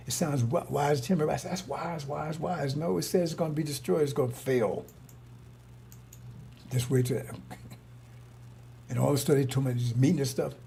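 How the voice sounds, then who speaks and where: Gravelly man preaching in rambling talk. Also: fairly high pitch, mellow, a little hiss or hum. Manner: rambling, repetitive, rhetorical questions. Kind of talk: informal religious talk.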